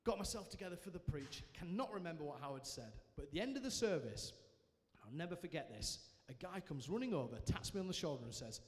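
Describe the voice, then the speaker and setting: A man giving a personal testimony to a live audience, telling it as a lively story with self-mocking humour. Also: on the high side, quick pace. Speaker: guest speaker sharing his testimony. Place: large church hall, indoors. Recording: reverberant church hall.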